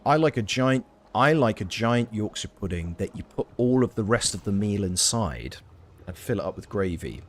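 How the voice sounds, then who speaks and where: A man's voice: on the low side, big pitch swings, moderate pace. A Welsh man chatting casually with his live chat while streaming a video game, rambling through playful tangents. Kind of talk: casual live gameplay commentary.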